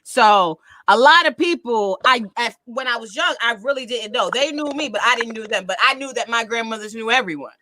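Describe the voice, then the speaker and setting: A woman's voice: on the high side, fairly quick, few pauses, noisy background. A woman co-hosting a casual chat show, telling family stories and acting out her relatives' voices. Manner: animated storyteller, acts out relatives' voices. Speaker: co-host.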